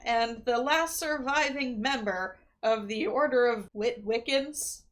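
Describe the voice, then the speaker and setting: A woman's voice: fairly high pitch, unhurried, a bit bright, slight background noise. Wry woman podcast co-host. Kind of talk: casual movie recap chat.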